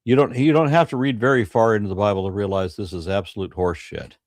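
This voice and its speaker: A man's voice: fairly low pitch, fast talker, no room sound. Man, live stream co-host, blunt, emphatic, profane, dry sound. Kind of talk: casual debate review chat.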